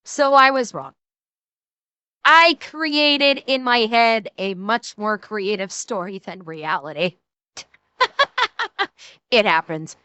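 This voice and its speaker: A woman's voice: high-pitched, pushed and bright, no room sound. A woman streamer reacting to a video on a live stream, joking, swearing freely and laughing often. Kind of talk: casual live-stream commentary.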